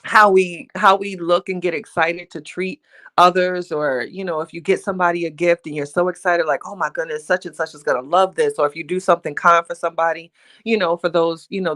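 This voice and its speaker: A woman's voice: fairly low pitch, fairly even intonation, a little fast, fairly bright tone. An older woman hosting a casual motivational livestream, chatty and playful, laughing often and talking straight to her viewers. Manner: playful, teasing, self-mocking. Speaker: livestream host.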